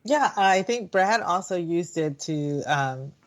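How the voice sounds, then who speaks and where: A woman's voice: on the low side, animated, slow pace. A woman co-hosting a radio talk show, chatting casually and laughing often. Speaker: podcast co-host. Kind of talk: casual chat.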